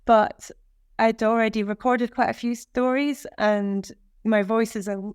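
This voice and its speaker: Smooth-voiced Scottish woman guest. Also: fairly high pitch, dry recording, studio quality. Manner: enthusiastic, expressive, quick bursts of praise. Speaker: author and guest. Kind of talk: casual interview chat.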